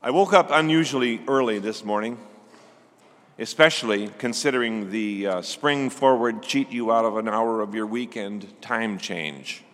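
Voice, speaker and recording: An older man delivering a gentle, reflective Sunday sermon as a preacher. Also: on the low side, moderate pace, big-room sound.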